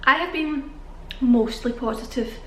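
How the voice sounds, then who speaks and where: Young British woman vlogging, breathless and chatty, higher voice in a roomy space. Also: unhurried, a little hiss or hum. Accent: British English. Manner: chatty, rambling, laughing often. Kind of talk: casual chat to camera. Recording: echoey room.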